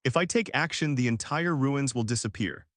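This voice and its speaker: A male text-to-speech voice reading the lines of a calm, overpowered young pirate captain in an audiobook, flat and a little raised in pitch. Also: normal speed, dry recording, studio quality, natural voice.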